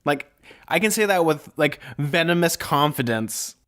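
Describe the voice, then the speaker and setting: A man's voice: a little high, lively intonation, unhurried, a bit bright. A man co-hosting a podcast, talking in a chatty, emphatic way with many fillers. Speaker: podcast co-host. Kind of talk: casual chat.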